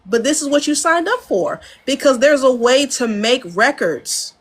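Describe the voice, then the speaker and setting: A fairly high-voiced American woman talks shop in a relaxed interview. She is frank and animated, slipping into quick impressions of studio sessions and laughing easily, speaking from her home studio. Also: breathy edge. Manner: animated storyteller, acts out studio dialogue. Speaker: audio engineer and producer, guest. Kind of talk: casual interview talk.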